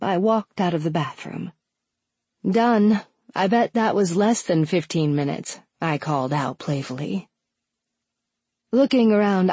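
A woman reading a first-person audiobook in an intimate, expressive storytelling manner, with a husky voice. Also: deep voice, no echo. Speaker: audiobook narrator.

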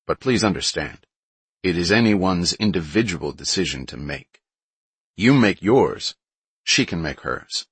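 A man's voice: low-pitched, expressive, measured pace, breathy edge, no room sound, heavily acted. A man voicing a direct, blunt survivor who speaks steadily, in an audiobook. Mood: firm.

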